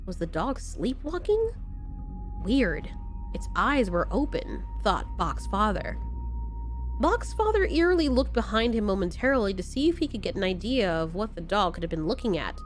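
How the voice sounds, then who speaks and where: A woman narrating a scripted horror story in a slow, measured way with dramatic pauses. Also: medium pitch, very animated. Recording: faint background music.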